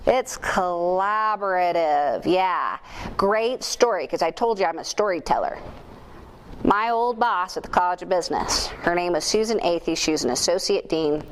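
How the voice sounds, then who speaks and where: Animated woman giving a conference talk. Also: lowish voice, moderate pace, a little hiss or hum. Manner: animated storyteller, asks the audience questions, jokes at herself. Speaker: conference speaker. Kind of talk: lively keynote talk to an audience. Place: conference room at a chamber of commerce. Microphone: handheld or stage microphone.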